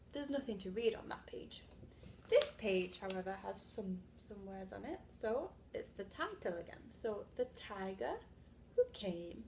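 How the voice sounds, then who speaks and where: A young woman teaching small children to read, talking slowly and patiently and checking in often. Her voice sits a little high, and now and then she claps out syllables or half-whispers a word. A faint room hum runs underneath. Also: a little mellow. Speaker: reading teacher. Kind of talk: early literacy read-aloud lesson.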